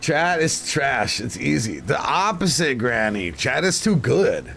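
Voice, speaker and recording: A man's voice: medium pitch, very animated, a little slow, creaky, fairly bright tone, soft background music. A man streaming live and chatting casually with his viewers, blunt and crude, joking and ranting. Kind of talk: casual livestream chat.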